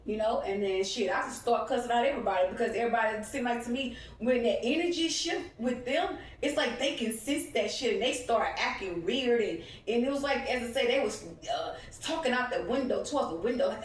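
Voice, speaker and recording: Casting: young woman, heated profane street-side vlogger, slightly high voice, very echoey far-off phone sound. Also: a little fast. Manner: heated, profane, animated storytelling. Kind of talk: casual ranting vlog. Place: outdoors walking by a street.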